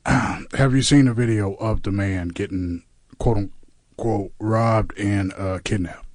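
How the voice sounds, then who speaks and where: A man co-hosting a casual podcast, joking and rambling through quick asides. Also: fairly low pitch, a little mellow, dry recording. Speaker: podcast co-host. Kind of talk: casual comedic chat.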